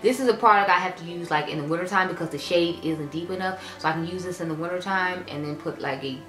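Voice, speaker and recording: A woman talking through her makeup likes and dislikes at a quick clip, blunt and chatty. Her voice sits a little low and the room is echoey, with faint music underneath. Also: a bit bright. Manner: frank, chatty, lots of fillers. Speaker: beauty vlogger. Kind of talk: casual product review.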